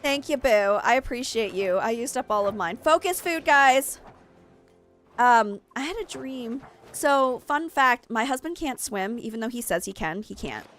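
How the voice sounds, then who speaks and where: A woman's voice: a little high, expressive, measured pace, fairly bright tone, soft background music. A woman game streamer, tired from lack of sleep, chatting in a rambling way full of fillers. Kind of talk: casual chat while streaming gameplay.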